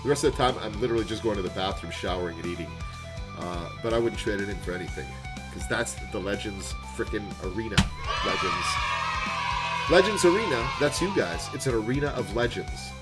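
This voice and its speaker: A man's voice: on the low side, animated, a little fast. A man in his thirties, a streamer, chatting casually to his viewers in a heartfelt, rambling way, repeating words and getting choked up. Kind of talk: casual livestream sign-off chat. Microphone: desk microphone. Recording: guitar music playing behind.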